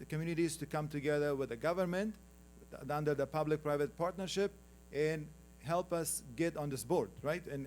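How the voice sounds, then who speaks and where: A man's voice: fairly high pitch, darkish tone, slight background noise. Afghan-accented man giving a slide presentation. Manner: conversational, teasing the audience, calls for next slides. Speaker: conference panel speaker.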